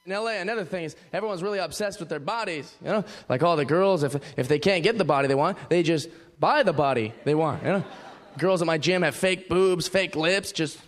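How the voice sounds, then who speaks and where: A man's voice: fairly high pitch, brisk. A man doing an observational stand-up comedy set, chatty and full of asides. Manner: chatty, observational, acting out gym-goers.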